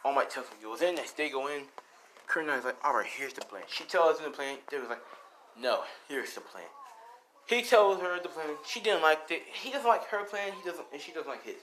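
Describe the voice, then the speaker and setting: A man's voice: a little high, expressive, fairly quick, a bit bright, slight background noise, low-quality recording. A man casually telling a fan story, rambling, with lots of fillers and swearing.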